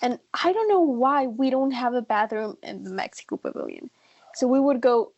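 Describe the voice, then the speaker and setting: A young woman in her twenties, a guest in a casual chat, telling animated stories and acting out guests. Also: on the high side, normal speed, dull audio. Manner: animated storyteller, acts out guests.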